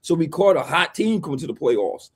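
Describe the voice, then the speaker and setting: Hyped man in loud sports banter. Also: a little high, sing-song, fairly quick, slightly rough. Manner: hyped, preachy, swings into shouting impressions. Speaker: podcast co-host, basketball fan. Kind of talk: animated sports chat.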